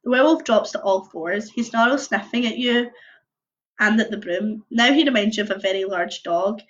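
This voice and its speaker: A young woman reading a choose-your-own-adventure book aloud on a livestream, mixing lively narration with casual chatty asides. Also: medium pitch, normal speed. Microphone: computer or phone mic on a video stream. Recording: dull lo-fi livestream audio.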